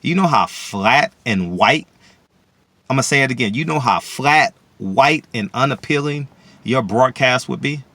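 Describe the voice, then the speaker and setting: Man, boastful solo commentary, forceful bright tone, dry close sound, repeats himself, breaks into shouts. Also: medium pitch, lively intonation, measured pace, dry recording. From DC area, USA. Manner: boastful, repetitive, bursts into loud shouts. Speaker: vlogger and boxing commentator.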